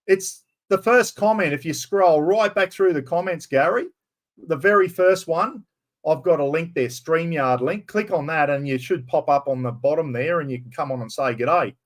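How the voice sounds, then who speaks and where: An Australian man hosting a casual live stream, loud and rambling, swearing freely as he chats. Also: on the high side, normal speed.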